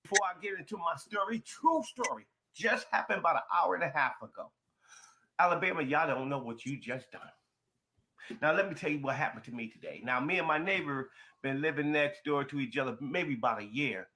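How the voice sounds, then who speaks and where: A man telling a personal story in an emphatic, expressive way, going from quiet to loud. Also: fairly high pitch, brisk. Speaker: storyteller in a shared video.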